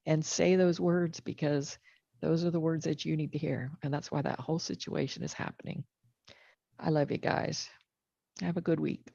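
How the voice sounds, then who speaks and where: Woman, very low gravelly voice, earnest and encouraging, dry muffled call sound. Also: steady tone, normal speed, darkish tone, dry recording. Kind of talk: casual group video call chat.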